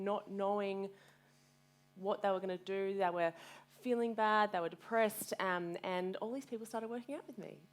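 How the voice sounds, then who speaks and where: A woman in her thirties, a guest speaker telling her story frankly and with energy at a live community event, swearing freely and quoting herself. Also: medium pitch. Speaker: guest speaker, fitness business owner.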